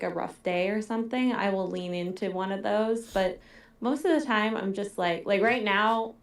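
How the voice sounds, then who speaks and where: A scriptwriter chats casually during a live Q&A, her mid-range, gravelly voice sounding roomy. She's chatty and says "like" constantly.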